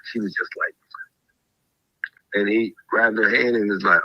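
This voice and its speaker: A man hosting a show, telling a story in a casual, animated way and acting out the voices of the people in it. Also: on the low side, measured pace, dry recording, dull audio.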